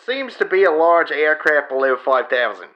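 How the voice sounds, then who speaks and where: Man putting on a young Australian pilot, hesitant, halting radio calls, raised voice. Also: fairly high pitch, very animated, muffled recording, voice pushed up. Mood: uneasy. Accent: put-on Australian. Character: young male pilot reporting a strange aircraft. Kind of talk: comedic dramatic reading.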